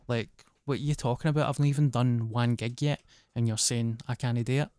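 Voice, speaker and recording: A man's voice: medium pitch, fairly even intonation, brisk, a little mellow, clean tone, no echo, studio quality. A Scottish man, a guest comedian, telling blunt, plain-spoken stories in casual chat. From Scotland.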